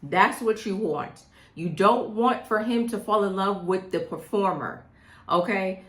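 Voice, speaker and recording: A woman's voice: medium pitch, measured pace, fairly bright tone. A middle-aged woman coaching women on dating in a direct, emphatic way, often checking in with "okay?". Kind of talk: direct advice monologue. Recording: echoey room.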